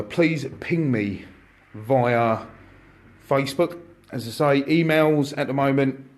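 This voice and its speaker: A man, an airsoft shop owner, chatting casually and excitably to viewers on a live stream from inside his shop. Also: mid-range voice, slow. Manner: chatty, excitable, jokey, addresses viewers directly.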